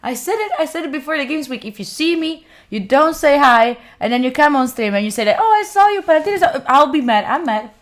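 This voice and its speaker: A young Italian woman from Italy, speaking with an Italian accent, chats casually and playfully with viewers on her study live stream. Her voice is high and a bit bright, fairly quick, with hardly any pauses. She's chatty and mock-indignant, using lots of fillers.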